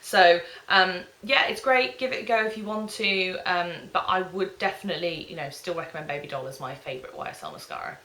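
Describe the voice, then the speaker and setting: Chatty woman vlogger, bright tone. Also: lowish voice, brisk, hardly any pauses. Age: 30s. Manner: chatty, bubbly, lots of ums. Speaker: beauty vlogger. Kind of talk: casual product review chat. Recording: echoey room.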